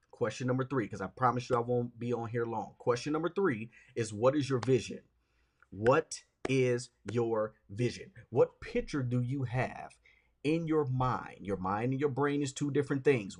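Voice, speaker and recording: A man's voice: medium pitch, husky. A man hosting a podcast, teaching in a motivational monologue, repeating key questions and checking in with "okay?" and "right?". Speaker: podcast host and leadership speaker.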